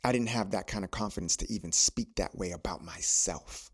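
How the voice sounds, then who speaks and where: A man with a lowish voice gives a motivational podcast monologue. He talks like a preacher and drives his points home by repeating phrases. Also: fairly quick, slightly rough. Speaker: podcast host.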